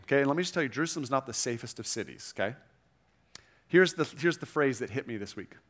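A man's voice: medium pitch, lively intonation, a little fast, fairly bright tone. A middle-aged man preaching a sermon to a room, conversational, with frequent asides and restarts. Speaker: pastor.

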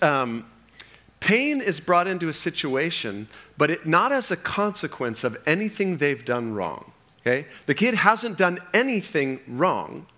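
A middle-aged male pastor preaching a sermon, telling stories with animation and often checking in with "okay?". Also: a little high. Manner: animated storytelling with frequent "okay?" check-ins.

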